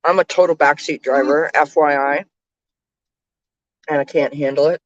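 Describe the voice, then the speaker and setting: A woman's voice: low voice, steady tone, moderate pace, dry recording, muffled recording. A woman chatting casually from the passenger seat of a moving car, keeping up a running commentary full of fillers. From Canada. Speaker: vlogger, tarot reader. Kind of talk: casual chat while riding in a car.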